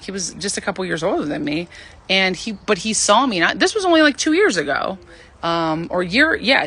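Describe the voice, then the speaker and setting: A woman in her thirties hosting a livestream, giving casual, animated dating advice and acting out the voices she quotes. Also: mid-range voice, husky. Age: 30s.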